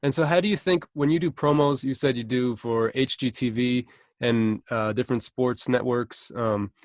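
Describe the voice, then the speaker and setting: A man's voice: medium pitch, moderate pace, dry recording, studio quality. A man hosting an interview podcast, asking questions and agreeing attentively. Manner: attentive, agreeable, short backchannels. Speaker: podcast host. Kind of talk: casual interview.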